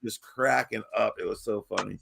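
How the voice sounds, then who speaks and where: A man's voice: on the low side, steady tone, moderate pace, vocal fry, a crowd in the background. A man from Baltimore telling a long, rambling story on a podcast, swearing, laughing and restarting sentences often. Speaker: podcast host. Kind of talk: casual storytelling chat.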